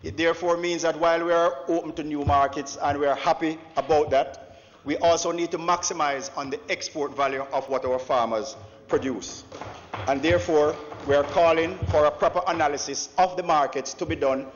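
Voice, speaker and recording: A man's voice: on the high side, fairly even intonation, fairly quick. A Jamaican man, an opposition member of parliament, delivering a formal, declamatory speech and often addressing the Speaker. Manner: declamatory, punctuates with "Mister Speaker". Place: large parliament chamber. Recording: dull echoey chamber broadcast audio.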